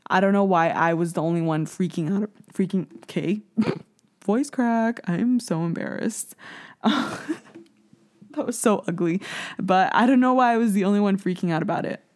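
A woman's voice: medium pitch, moderate pace, darkish tone. Woman in her twenties, podcast host, chatty, candid, self-deprecating, casual swearing. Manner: self-mocking, laughs at herself. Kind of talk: casual solo podcast monologue.

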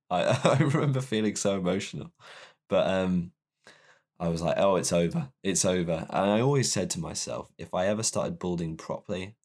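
A young man with a low, deep voice tells a personal story to camera. His delivery is candid and self-deprecating, and he rambles as he speaks.

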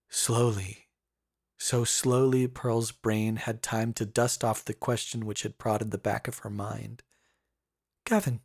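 Husky male horror narrator. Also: medium pitch, no room sound, studio quality. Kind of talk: scripted horror story narration.

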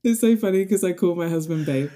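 A woman, a podcast guest who was once a golfer and now works in broadcasting, telling lively stories and laughing often in a casual chat. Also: fairly low pitch, quick pace.

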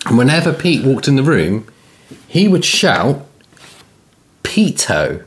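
Lively, jokey man telling stories. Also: mid-range voice, moderate pace. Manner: jokey, laughs often, lively storytelling. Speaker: podcast co-host. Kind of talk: casual banter.

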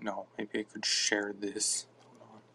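Slow, gravelly low-voiced man. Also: flat delivery, pushed and bright, slight background noise. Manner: mumbling, halting, offhand. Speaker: podcast host. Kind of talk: casual live-stream chatter.

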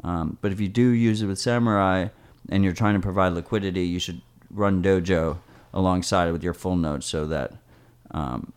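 Low-voiced man explaining on a podcast. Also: normal speed, clear, resonant tone. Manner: explains at length, uses "like" often. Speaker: podcast co-host. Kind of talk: casual chat.

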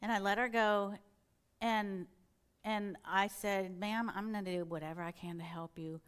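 A woman's voice: mid-range voice, fairly even intonation, moderate pace, clear, resonant tone. A middle-aged woman, a church elder, giving an earnest sermon-style testimony and acting out her own inner dialogue as she tells her story.

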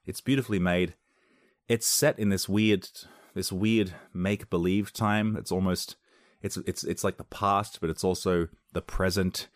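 A man's voice: low voice, steady tone, a little slow, no echo, clean studio sound. A man reviewing films on his own podcast, talking casually, enthusiastically and in a rambling way.

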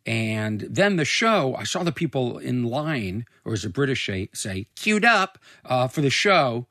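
Comedian dude rambling on his podcast, bright edgy voice, swears a lot, dead dry studio. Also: medium pitch, animated, measured pace, no echo. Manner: loose, swears freely, self-mocking. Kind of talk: casual rambling monologue. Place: recording studio.

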